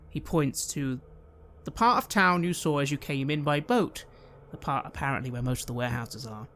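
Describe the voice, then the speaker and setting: A man narrating a tabletop role-playing game as game master, measured and descriptive. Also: medium pitch, a bit bright.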